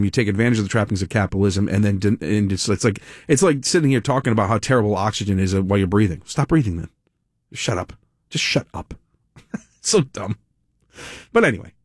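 A man's voice: fairly low pitch, no room sound, studio quality. Sarcastic talk radio host man. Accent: American. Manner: animated, self-correcting, sarcastic asides. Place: radio studio. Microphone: studio microphone.

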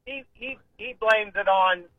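A chatty man calls in to a radio show and tells his story, voicing each side of the argument himself. His voice sits fairly high. The line is muffled and dull. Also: measured pace, no echo. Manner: chatty, retells arguments with quoted dialogue. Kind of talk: casual call-in storytelling.

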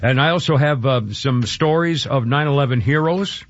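A man's voice: mid-range voice, moderate pace, dull audio. A man hosting a talk radio show, emotional and rambling, with many restarts and fillers.

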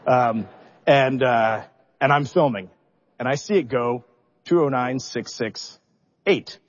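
Speaking slowly in a mid-range voice, a middle-aged spacecraft commander recounts stories during a public interview. He is lively and self-deprecating, plays out his own reactions, and occasionally holds back tears, while the audio lacks its high frequencies.

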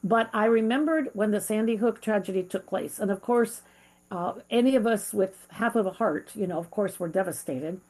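A woman's voice: medium pitch, normal speed, darkish tone. A middle-aged woman hosting an interview, speaking in an earnest, heartfelt way with frequent fillers. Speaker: interview host. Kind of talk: conversational interview.

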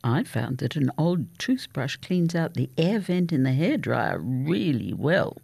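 A playful woman co-host with a husky, gravelly voice. Her pitch moves lively but her pace is unhurried. The sound is dry and close. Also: no echo. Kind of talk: scripted casual chat.

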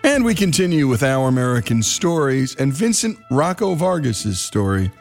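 A man hosting a radio storytelling show, speaking in a measured, heartfelt way. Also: medium pitch, very animated, creaky. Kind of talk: radio program narration. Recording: radio broadcast with faint music.

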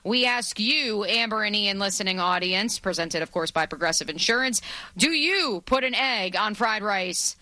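A woman's voice: medium pitch, lively intonation, moderate pace, pushed and bright, no echo. A woman co-hosting a sports radio show, playful and teasing in casual chat, also reading sponsor lines. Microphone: studio microphone.

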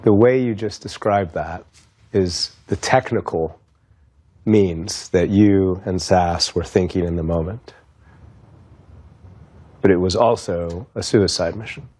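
A man interviews a guest for a news broadcast, asking calm and probing questions. His voice is low and dark. The recording is dry and close. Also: slow, long pauses, husky, no room sound.

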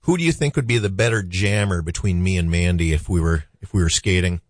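A man's voice: deep voice, fast talker, no room sound. A man hosting a morning radio show in the studio, joking and teasing his guests. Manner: jokey, teasing, lively. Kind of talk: playful morning radio banter.

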